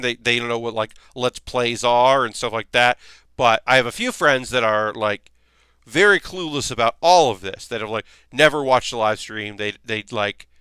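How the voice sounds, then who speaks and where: Rambling man with a bright clear voice. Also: mid-range voice, no echo. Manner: rambling, acts out quoted people in raised voices. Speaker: streamer host. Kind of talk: casual livestream chat.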